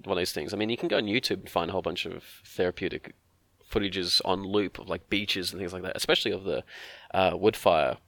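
A man's voice: deep voice, fast talker, fairly bright tone, dry recording. A man, co-hosting a casual chat and rambling through joking asides. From Australia. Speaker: podcast co-host.

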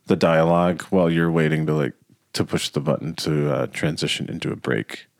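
A man's voice: extremely low pitch, steady tone, fairly quick. An American man hosting a podcast, chatting casually and laughing often. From United States. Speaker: podcast host. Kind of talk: casual banter.

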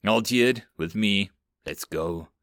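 A man's voice: lowish voice, slow, a bit bright, no room sound, clean studio sound, voice pushed down. A man voicing a male squad leader who gives curt, clipped orders in an audiobook. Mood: commanding.

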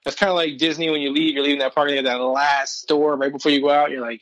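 A man with a slightly high voice, recorded dry and close, jokes and teases in casual podcast chat. He swears now and then. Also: flat delivery, quick pace, a bit bright, no room sound, poor audio. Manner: joking, teasing, swears casually. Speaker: podcast co-host.

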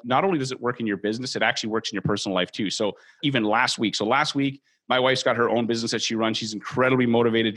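A man talks at a brisk clip, earnest and encouraging as a training host. He speaks straight to his listeners. His voice sits at a middle pitch. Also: fairly bright tone. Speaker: host and mortgage brokerage trainer. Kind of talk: motivational training talk.

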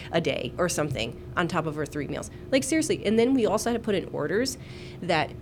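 A woman's voice: on the low side, very animated, fairly quick, faint music behind. A woman who is a nurse and podcast co-host, talking bluntly and profanely in casual chat and laughing often.

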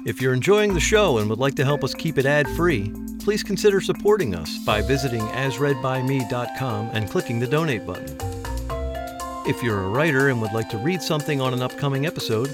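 A man, the podcast host, reading a scripted outro in a steady, friendly announcer manner. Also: medium pitch, fairly quick. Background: marimba music.

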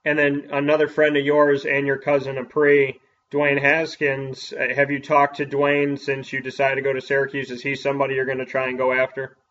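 A man who is a sports broadcaster, reading an upbeat ad spot and then asking quick interview questions. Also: mid-range voice, completely flat delivery, a bit bright, muffled recording, a little hiss or hum.

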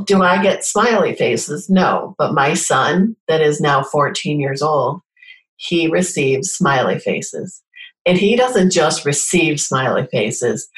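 A woman's voice: low voice, a bit bright, reverberant, poor audio. A middle-aged woman telling personal stories in a casual conversation, earnestly acting out the dialogue. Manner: earnest storytelling, acts out quoted dialogue. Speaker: guest sharing personal stories.

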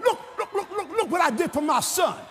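A man's voice: very high-pitched, animated, normal speed, slight background noise, voice pushed up. A preacher playing a boasting, overjoyed father. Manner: boasting, repetitive, shouting. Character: proud, excited father showing off a gift to his son. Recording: reverberant hall with music.

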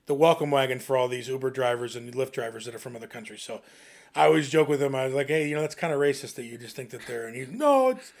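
Young male co-host, chatty storyteller, animated delivery. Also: medium pitch, quick pace. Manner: laughing, animated anecdotes with quoted voices. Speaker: podcast co-host. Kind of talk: casual chat, storytelling.

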